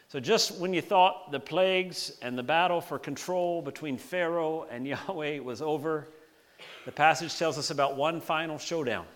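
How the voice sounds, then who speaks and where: A male pastor with a slightly raised pitch gives a sermon. He is casual and animated, and he drags out key phrases for emphasis. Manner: conversational, animated preaching with slowed emphasis.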